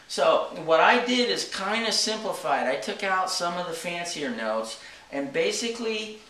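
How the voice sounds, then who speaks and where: A man's voice: high-pitched, very animated, measured pace, sharp tone, distant mic. A man teaching drums, explaining each step plainly and checking in with a frequent "okay?". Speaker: drum teacher. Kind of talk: casual instructional talk. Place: drum studio. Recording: echoey room from off-mic.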